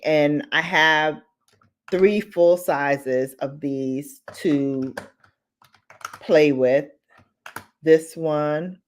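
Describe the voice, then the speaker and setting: A woman with a low, deep-set voice chats casually on a live stream, taking her time over every sentence. She repeats little phrases to herself and answers her viewers as she goes. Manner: chatty, relaxed, repeats phrases, reads chat aloud. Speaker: beauty and lifestyle YouTuber.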